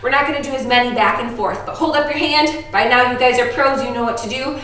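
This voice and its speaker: A woman's voice: a little high, quick pace, fairly bright tone. A woman teaching an online music lesson to young children, upbeat and playful, with an exaggerated teacher voice. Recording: very echoey room, distant from the mic.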